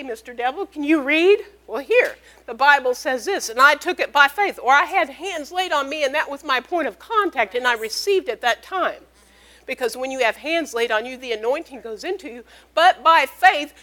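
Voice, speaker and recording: A woman's voice: high voice, fairly bright tone. A woman preaching a sermon, emphatic, repeating key phrases and calling out amen.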